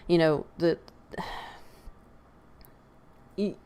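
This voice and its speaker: A podcast host from the US speaks in a low, very slow, clean-toned voice. She gives lively, opinionated casual commentary, punctuated by frequent laughter and sighs.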